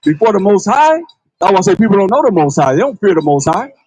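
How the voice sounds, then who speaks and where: A man's voice: sits high, big pitch swings, fast, a little mellow, breathy edge, low-quality recording. A man preaching a livestreamed sermon in a casual, repetitive way, full of rhetorical questions and calling on a reader to read. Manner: colloquial, calls on a reader to read. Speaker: priest.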